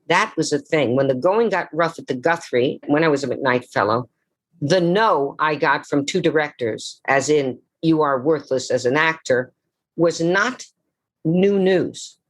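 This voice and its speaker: An older woman, an actress, telling her life story theatrically on a video call, slowing and dropping low for emphasis. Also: lively intonation. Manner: dramatic, slows for emphasis, drops low on key words. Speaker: actress and memoir author, guest.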